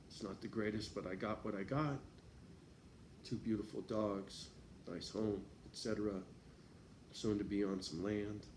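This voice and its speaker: A man's voice: lowish voice, darkish tone, reverberant, a little hiss or hum. A man talking casually to his viewers in a rambling, profane vlog monologue, often laughing. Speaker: vlogger.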